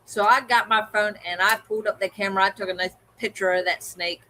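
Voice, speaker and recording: A woman co-hosting a livestream, telling an animated story in casual chat and acting out the voices of the people in it. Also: medium pitch, fast, a little hiss or hum, poor audio. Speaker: co-host.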